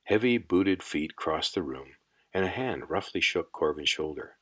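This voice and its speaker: A man narrating a fantasy audiobook in a measured, unhurried storytelling manner. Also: deep voice, expressive, a bit bright, slightly rough. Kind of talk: scripted narration.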